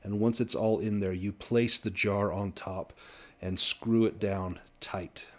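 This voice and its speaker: A man running a tabletop horror game as game master, narrating scenes in a measured, descriptive way with frequent restarts. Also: on the low side, fairly even intonation.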